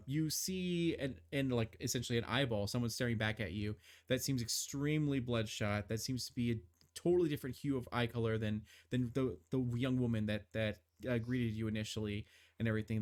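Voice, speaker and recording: A man narrates a tabletop game as its game master, talking in a loose, rambling way full of fillers and restarts. His voice sits at a middling pitch. He sets scenes and asks the players for rolls.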